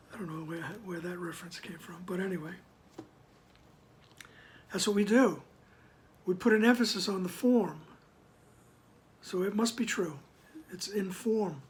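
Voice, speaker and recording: A man reads a spiritual text at an unhurried, measured pace and pauses to comment on it. His delivery is deliberate, and some phrases sink to a soft whisper. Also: sits high, a little hiss or hum. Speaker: spiritual text reader and teacher. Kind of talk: slow devotional reading with commentary.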